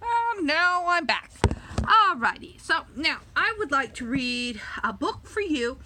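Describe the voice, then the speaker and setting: A woman reading a picture book to young children, talking slowly and directly to them, recorded on a phone camera. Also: high voice, sing-song, noisy background. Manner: slow, sing-song, speaks directly to young children. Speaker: children's storyteller.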